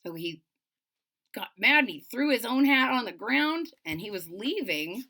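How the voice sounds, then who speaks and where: Bright, expressive woman reading to kids. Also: a little high, a little slow. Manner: expressive and playful, talks to young listeners. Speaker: storybook reader. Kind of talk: children's read-aloud with chatty asides.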